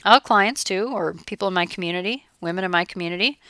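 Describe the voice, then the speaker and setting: A middle-aged woman coach giving a chatty, animated motivational talk, now and then acting out her clients' voices. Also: on the low side, fast, hardly any pauses, no echo, studio quality.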